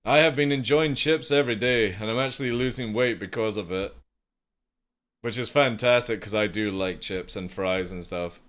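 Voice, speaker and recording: A man's voice: on the low side, normal speed, a bit bright. Chatty young man streaming. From United Kingdom. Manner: rambling, chatty, swears casually, reads chat aloud. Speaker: live streamer. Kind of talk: casual chat with viewers.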